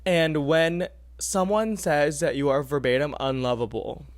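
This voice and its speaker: A young man hosting a podcast, giving earnest, animated advice in casual talk and repeating phrases for emphasis. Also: on the high side, a little slow, no room sound. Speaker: podcast host.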